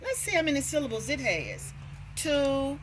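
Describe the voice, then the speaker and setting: A woman's voice: mid-range voice, animated, a little slow, fairly bright tone, slight background noise. A woman teaching parents how to work on reading with a nursery rhyme, sounding out words and checking in with "okay.".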